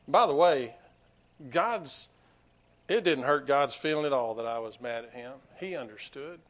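A man preaching a sermon to his congregation, swinging between quiet asides and loud, emphatic peaks. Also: medium pitch, animated, measured pace. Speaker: pastor.

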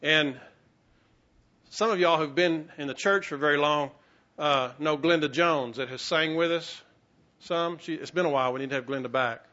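A man's voice: a little high, moderate pace, sharp tone. A man preaching a sermon, telling a personal story with self-mocking humor and acting out the voices he quotes. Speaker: pastor. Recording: muffled, lo-fi sermon recording.

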